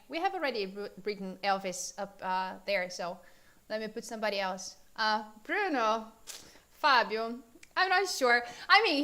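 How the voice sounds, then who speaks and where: A woman's voice: a little high, sharp tone. A woman from Brazil, a native Portuguese speaker, teaching a live English class in a chatty, informal way, with many fillers and questions put to viewers.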